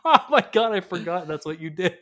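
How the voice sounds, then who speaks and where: A man's voice: high voice, lively intonation, a little fast, bright, forceful tone. A man co-hosting a casual podcast who jokes around, laughs often, and addresses listeners directly. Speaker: podcast co-host. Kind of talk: casual chat.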